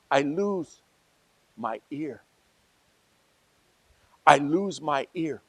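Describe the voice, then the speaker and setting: Male pastor, sermon, slow unhurried delivery, dry close sound; drifts from quiet asides to loud emphatic peaks. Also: a little high, animated, no room sound. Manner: conversational preaching, swinging from soft asides to loud emphatic peaks.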